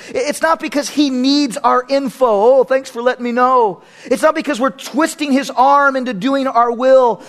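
A man with a strikingly high-pitched voice delivers a sermon from the pulpit. He speaks emphatically and builds his points by repeating phrases. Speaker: pastor.

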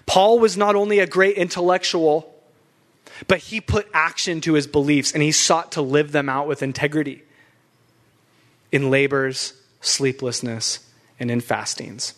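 A man's voice: a little high, fairly even intonation, unhurried, a bit bright. A young adult man preaching a sermon as pastor, emphatic and fired up, with laughs between points.

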